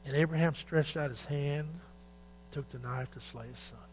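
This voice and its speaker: A man preaching a sermon, moving between loud urgent exhortation and quiet, emotional retelling of a scripture story. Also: on the high side, normal speed, rough recording. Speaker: pastor. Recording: faint mains hum.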